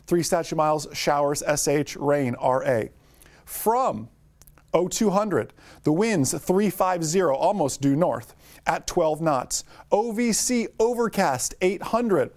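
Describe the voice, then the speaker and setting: A man teaching a live online lesson for drone pilots, talking fast and upbeat, greeting viewers by name. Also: fairly high pitch, a little mellow.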